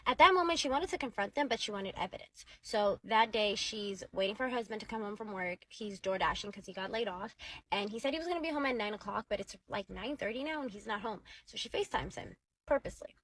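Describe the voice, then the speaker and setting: A woman's voice: medium pitch, expressive, fast talker, fairly bright tone, slight background noise. A woman casually recapping a drama-filled story, chatty and dramatic, peppering it with "like". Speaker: storytime narrator.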